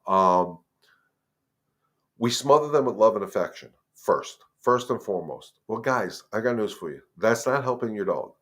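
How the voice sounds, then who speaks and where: Guy dog trainer chatting live to viewers, lowish voice, firm when he lays down rules. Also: animated, normal speed, fairly bright tone. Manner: conversational, repeats words, addresses viewers as guys. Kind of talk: casual live-stream advice.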